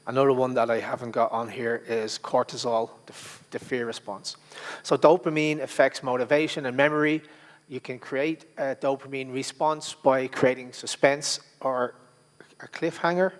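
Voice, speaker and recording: A man leads a public speaking workshop in a relaxed, conversational way, pausing on fillers. His voice sits at a middle pitch. The hall gives it a long reverb tail. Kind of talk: workshop presentation. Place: conference workshop room.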